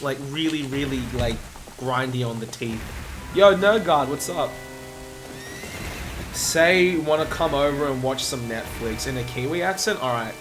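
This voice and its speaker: A man's voice: mid-range voice, normal speed, music in the background. A man chatting casually on his live stream, rambling and hesitant as he thinks aloud. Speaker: speedrunner streamer.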